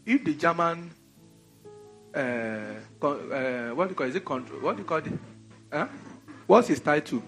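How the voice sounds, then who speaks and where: A Nigerian man preaching a sermon in an animated, conversational way, full of rhetorical questions. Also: fairly high pitch, moderate pace, pauses often, faint music behind.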